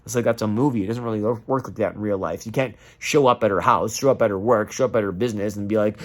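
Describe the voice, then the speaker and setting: A man's voice: fairly low pitch, quick pace, hardly any pauses. A man delivering an emotional, profane rant straight to camera and acting out the voices of the people he quotes. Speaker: vlogger.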